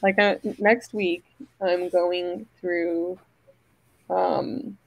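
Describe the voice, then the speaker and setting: A woman co-hosting a casual chat, talking in a halting way full of "like" and "um". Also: fairly low pitch, steady tone, gravelly, no echo, rough recording. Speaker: co-host, photographer.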